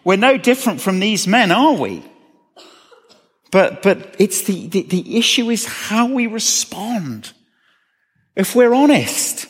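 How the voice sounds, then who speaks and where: A man's voice: high-pitched, breathy edge. A man preaching a sermon, earnestly asking questions and repeating phrases for emphasis. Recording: long reverb of a hall.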